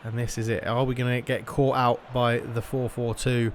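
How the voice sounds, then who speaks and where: A young man talks his way through a football video game in a relaxed, chatty flow. He thinks aloud as he plays and drifts into mock match commentary, his pitch sitting in an ordinary middle range. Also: normal speed, slight background noise. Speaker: gaming YouTuber. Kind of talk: casual gameplay commentary.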